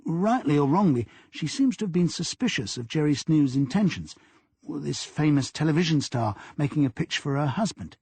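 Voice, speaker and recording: A man's voice: on the high side, big pitch swings, moderate pace, darkish tone, breathy edge, dry recording, voice pushed up, heavily acted. A man reading an audiobook, voicing a cautious junior detective who speaks guardedly. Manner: guarded, tentative.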